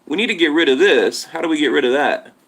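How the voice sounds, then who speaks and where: A man's voice: fairly high pitch, lively intonation, quick pace, gravelly, a bit bright. A man hosting a boxing channel live stream, chatting casually and rambling to his viewers while reading their comments from a tablet at home. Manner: rambling, talks straight to viewers, reads comments. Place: home setup in Texas.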